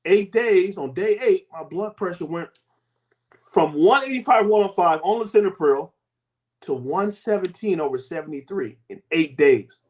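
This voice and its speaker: A man in his fifties, a guest giving a lively personal testimony and acting out the people in it. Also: high voice, moderate pace. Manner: animated storytelling, acts out quoted voices.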